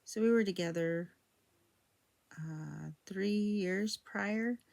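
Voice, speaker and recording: A middle-aged woman telling a personal story in a rambling, reminiscent way, full of fillers and restarts, sometimes dropping into a soft whisper. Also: mid-range voice, slow pace, vocal fry.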